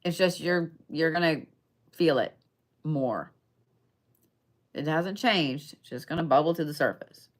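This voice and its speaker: A young adult woman talks through a tarot reading in an easy, unhurried way, her voice sitting a little low. She is chatty and emphatic, often stopping to check that her listeners are with her. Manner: chatty, emphatic, frequent "okay?" check-ins, swears casually. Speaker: tarot and zodiac reader. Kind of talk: casual live tarot reading.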